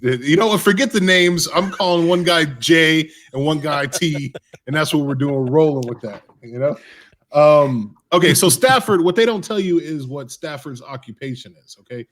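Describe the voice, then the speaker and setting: A man appearing as a guest author on a video call, making up a comic story on the spot, with halting starts and many fillers. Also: fairly high pitch, fairly bright tone.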